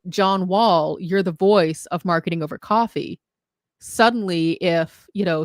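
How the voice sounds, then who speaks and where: Woman, co-host, casual chat, thoughtful questions, lowish voice, dry sound. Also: no room sound.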